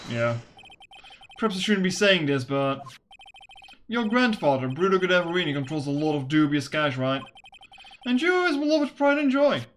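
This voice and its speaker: A woman's voice: lowish voice, big pitch swings, moderate pace, pauses often, slight background noise. A woman voicing an earnest young male defense lawyer who questions and persuades. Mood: probing.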